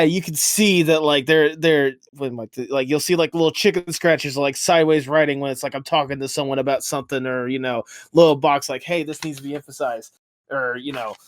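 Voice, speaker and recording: A man's voice: fairly high pitch, fairly quick, few pauses, no room sound, clean studio sound. A man co-hosting a podcast, chatting casually and rambling with lots of "like" and "or whatnot". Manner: rambling with many fillers. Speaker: podcast co-host. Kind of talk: casual chat.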